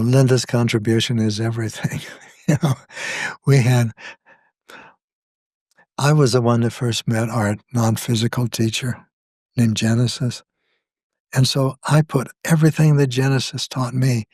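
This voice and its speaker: An older man, a guest author, speaking in a slow, measured, thoughtful way in a reflective conversation. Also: medium pitch, darkish tone, dry recording, studio quality.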